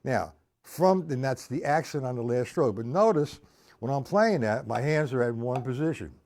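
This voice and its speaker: A man's voice: medium pitch, lively intonation, normal speed, darkish tone, a little hiss or hum. A man teaching drum rudiments on a live stream, counting beats aloud and chatting with viewers in the chat.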